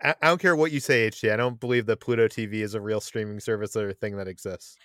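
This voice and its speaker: A man's voice: fairly low pitch, steady tone, fast, fairly bright tone, dry recording, clean studio sound. A man hosting a casual podcast chat, talking with frequent stammered restarts and fillers. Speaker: podcast host.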